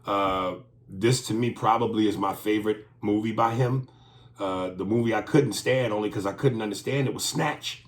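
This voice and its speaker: A podcast co-host chats casually in a crude, joking way, often acting out lines in silly voices. His voice is lowish at a moderate pace, with a roomy sound.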